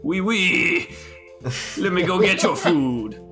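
Man doing a stammering French waiter, slow. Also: sits high, animated, sharp tone, faint music behind, pitched above the performer's own voice, heavily acted. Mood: meek. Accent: French (put on). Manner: stammering, apologetic. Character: meek young male French waiter.

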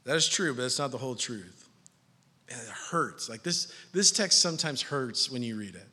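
A man in his thirties preaching a sermon, animated, shifting from soft and low to loud and high. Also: moderate pace, slightly rough. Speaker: pastor. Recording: long hall reverb.

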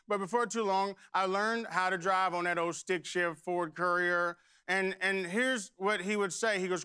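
A man's voice: sits high, pushed and bright, clean tone. A middle-aged man preaching a sermon, telling a folksy personal story and then leading prayer. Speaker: pastor.

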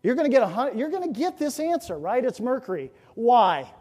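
A fairly high-voiced male pastor preaching in a church sanctuary, his words ringing out with a long, echoing reverb. He pleads and exhorts, firing off rhetorical questions, then drops to hushed near-whispers before building back up to loud emphasis. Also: sing-song, brisk, slightly rough. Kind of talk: sermon.

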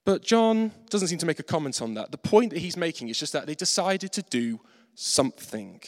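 A man preaches a sermon in a fairly high voice with a very lively pitch, and his words ring through a reverberant hall. He is animated and pokes fun at himself, slipping into quoted voices as he tells his stories. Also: brisk. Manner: animated, acts out quoted voices, self-mocking.

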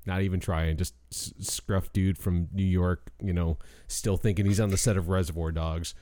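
A man's voice: sits low, steady tone, normal speed, warm tone, no room sound. A man co-hosting a podcast, chatting casually with lots of fillers and restarts. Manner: rambling, many fillers and restarts. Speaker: podcast co-host.

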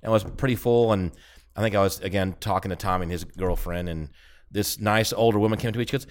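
A man's voice: fairly low pitch, steady tone, fast talker. A middle-aged man chatting casually on a podcast, telling rambling stories with many restarts and asides. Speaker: podcast co-host. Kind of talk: casual chat.

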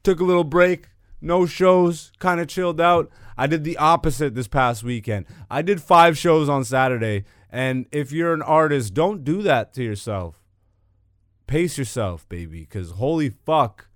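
A man's voice: on the high side, a little slow, fairly bright tone, no echo, studio quality. A man hosting his own podcast as a stand-up comic, telling stories in a swaggering, profane, hyped-up way. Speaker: podcast host and stand-up comedian. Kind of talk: casual solo podcast chat.

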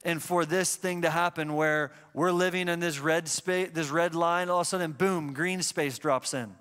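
High-voiced man preaching in a reverberant hall. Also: steady tone, moderate pace, a bit bright, clean tone. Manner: storytelling, conversational preaching. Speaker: pastor. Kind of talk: sermon. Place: church.

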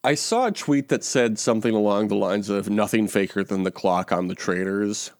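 A lower-pitched man co-hosting a podcast, chatting casually and wryly, laughing often and trailing off with the odd um. The recording is dry and close, with no room sound. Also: normal speed, no room sound. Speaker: podcast co-host. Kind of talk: casual chat recapping a reality show.

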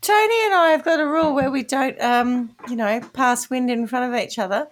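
Brief: woman co-host, blunt, laughs a lot, a bit high-pitched. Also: moderate pace, very noisy. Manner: laughing storyteller, blunt humor. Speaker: podcast co-host. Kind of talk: casual chat.

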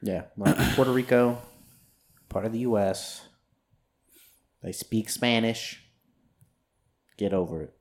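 A man's voice: fairly low pitch, takes it slowly, long pauses. A man co-hosting a casual podcast chat, talking in a playful, teasing way. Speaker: podcast co-host.

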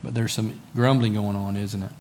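A man's voice: lowish voice, fairly even intonation, moderate pace, darkish tone, slight background noise. A man preaching a sermon in a conversational way, often asking his listeners rhetorical questions and repeating words for emphasis. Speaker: pastor.

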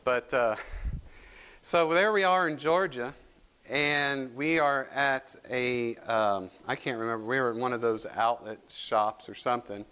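A man's voice: medium pitch, a bit bright, smooth. A male pastor preaching a sermon, telling folksy stories with southern turns of phrase before reading scripture and praying. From Kentucky. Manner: folksy storytelling with southern expressions. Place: church sanctuary.

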